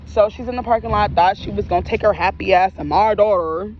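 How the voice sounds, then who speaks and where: A woman's voice: mid-range voice, fairly quick, lo-fi sound, a little hiss or hum. A young woman telling a personal story in a casual, candid and profane way, full of emotion. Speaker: storyteller vlogger.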